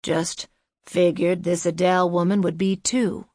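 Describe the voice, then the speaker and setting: A gruff, hoarse old man, as a female audiobook narrator puts him on, guarded and evasive, sitting low in his voice. He drags out his short replies at a very slow pace. The sound is close and dry. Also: flat delivery, dark tone, dry recording.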